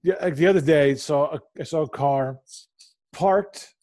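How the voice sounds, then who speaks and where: A man's voice: fairly high pitch, unhurried, darkish tone. A man co-hosting a podcast in casual chat, sarcastic and given to profane rants. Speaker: podcast co-host.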